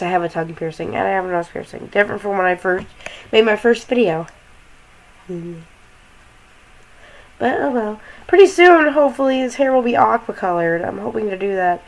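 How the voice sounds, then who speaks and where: A young woman in a casual gaming vlog rambles through a game's story. She swears freely and cracks jokes, with a mid-pitched voice. She talks from her bedroom while lying down. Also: rough recording. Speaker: gaming vlogger. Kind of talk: casual game commentary.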